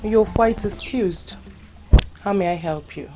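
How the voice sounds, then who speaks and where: An actress with a Nigerian accent playing a haughty, mocking rival in a drama. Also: female voice, mid-range voice, slow pace, over music, natural voice. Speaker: rival (Puluchi). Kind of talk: Nollywood drama acting.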